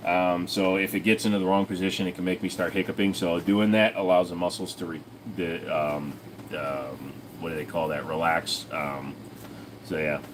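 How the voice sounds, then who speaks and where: A man's voice: low voice, steady tone, normal speed, slight background noise. A man hosting a casual livestream from home, answering chat questions in a crude, jokey way and often breaking into silly voices. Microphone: desk microphone.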